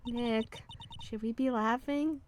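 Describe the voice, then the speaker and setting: A woman's voice: on the high side, fairly even intonation, slow pace, slight background noise, voice pushed up. A woman voicing a cheerful, blunt young female spirit medium sidekick in a game read-through. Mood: upbeat. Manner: bubbly, blunt and upbeat. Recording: game music underneath.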